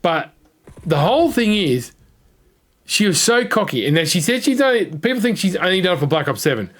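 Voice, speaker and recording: A man with a voice pitched a touch high gives casual gaming commentary. He rambles through a story with blunt opinions and the odd swear word. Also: big pitch swings, a little fast, fairly bright tone. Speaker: gaming content creator.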